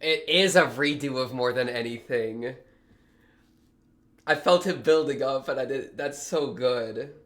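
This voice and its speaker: A young man hosting a reaction video, talking casually and excitably with a lot of slang as he reacts to what he watches. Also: mid-range voice, measured pace. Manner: excitable, slangy, thinks aloud.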